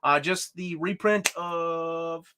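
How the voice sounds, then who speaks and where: A man's voice: fairly high pitch, takes it slowly, bright, forceful tone, a little hiss or hum. A man hosting a casual live-stream chat, joking and playful as he talks. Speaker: host.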